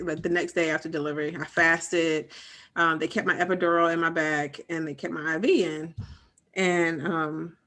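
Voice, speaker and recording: Bright animated woman telling a story. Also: fairly low pitch. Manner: animated storyteller, acts out quotes. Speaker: podcast co-host. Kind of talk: casual chat, personal story.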